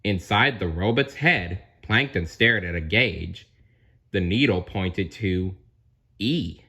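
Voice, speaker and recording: A man's voice: sits low, lively intonation, takes it slowly, pushed and bright, slightly rough. A man reading a storybook aloud, dropping in chatty asides to the listener. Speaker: narrator.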